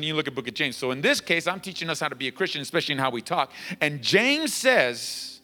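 A male pastor preaching a sermon, emphatic and repetitive, his voice climbing toward a near-shout as he drives points home. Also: a little high, big pitch swings, fast, hardly any pauses, in a large hall, soft background music. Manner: emphatic, repeats lines, rising to near-shouting. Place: church sanctuary.

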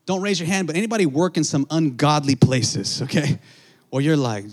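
A male pastor delivers a sermon in a lively storytelling way. His voice sits a bit high, and he calls out to the congregation between stories. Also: normal speed. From Southern California. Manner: animated storytelling, acting out voices, calls to the crowd.

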